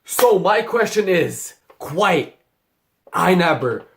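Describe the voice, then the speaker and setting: A man's voice: high voice, big pitch swings, slow pace, creaky, a little hiss or hum. A young man delivering sarcastic, profanity-laden commentary on online drama, slipping into mocking impressions. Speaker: commentary YouTuber.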